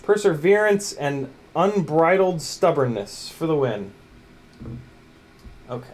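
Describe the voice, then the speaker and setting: A man whose voice sits on the high side, sing-song and darkish, speaks slowly as he livestreams a drone build. Working at his bench, he chats loosely, jokes around, and mutters to the parts to coax them along.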